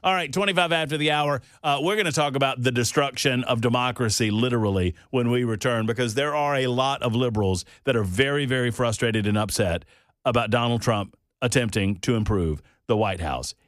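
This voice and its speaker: A man hosting a talk radio show, folksy and jokey, his voice jumping up in loud disbelief. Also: mid-range voice, brisk, dry recording, clean studio sound. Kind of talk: casual studio banter. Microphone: studio microphone.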